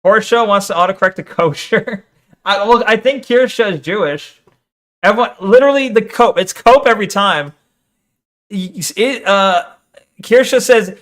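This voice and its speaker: A man's voice: high-pitched, moderate pace, fairly bright tone. A man streamer giving casual, crude reaction commentary, teasing and laughing often. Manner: crude, profane banter.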